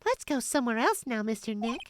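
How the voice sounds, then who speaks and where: A man squeaking out an eager young girl. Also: big pitch swings, fast talker, noisy background. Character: young girl spirit medium, eager and nervous.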